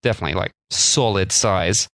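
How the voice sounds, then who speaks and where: A man's voice: low-pitched, a little fast, fairly bright tone, no room sound. A man co-hosting a casual food podcast, rambling and joking as he explains history. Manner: jokey, rambling, slips into silly voices. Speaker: podcast co-host.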